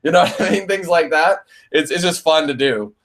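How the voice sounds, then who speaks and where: A man's voice: on the high side, normal speed, fairly bright tone. A young man hosting a casual live Q&A for his gaming channel, rambling, laughing and swearing freely. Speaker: let's play channel host.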